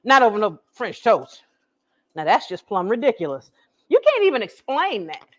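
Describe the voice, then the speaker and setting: A woman's voice: a little high, wildly swooping pitch, normal speed. A woman, hosting a live cooking stream from her home kitchen, chatty and laughing as she talks straight to viewers. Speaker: cooking show host. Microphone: camera she set up herself.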